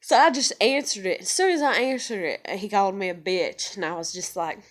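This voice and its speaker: A woman's voice: mid-range voice, brisk. A woman vlogger talking through a casual personal monologue, rambling with lots of fillers and heavy swearing.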